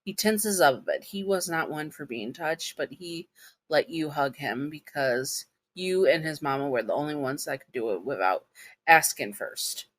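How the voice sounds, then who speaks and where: Halting woman reading a fan story. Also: low voice, lively intonation. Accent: Southern US. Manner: halting, with restarts and fillers. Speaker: fan fiction narrator. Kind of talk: second-person story reading.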